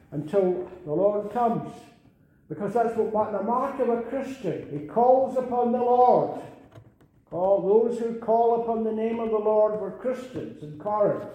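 A man's voice: high voice, muffled recording. An older man preaching a sermon earnestly, repeating phrases and rising to emphatic calls. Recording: very echoey room.

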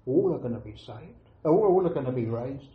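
A man preaching a sermon, earnest and emphatic, repeating key phrases with pauses between them. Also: medium pitch, expressive. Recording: echoey room, dull lo-fi sound.

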